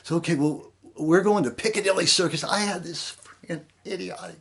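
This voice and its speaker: A man's voice: fairly high pitch, brisk, hardly any pauses. Rambling older man telling stories. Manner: rambling, full of "you know" and voiced quotes. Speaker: storyteller. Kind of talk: casual spoken memoir.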